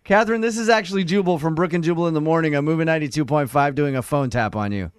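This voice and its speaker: A man's voice: fairly high pitch, racing, clear, resonant tone, dry recording, studio quality. A man hosting a radio morning show, pulling a prank call with upbeat, reassuring patter.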